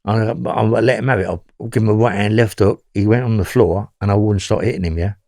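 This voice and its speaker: A man's voice: fairly low pitch, steady tone, brisk, dark tone, no room sound, studio quality. A man with a London accent telling his story as an interview guest, rambling and often checking in with "yeah?".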